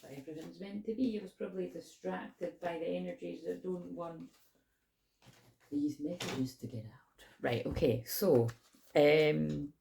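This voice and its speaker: A woman with a gravelly, slightly sore-throated voice, rambling casually as a tarot reader channeling messages. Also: a little slow, warm tone, a little hiss or hum. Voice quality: gravelly low voice. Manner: rambling, self-correcting, chatty. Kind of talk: casual spiritual channeling talk.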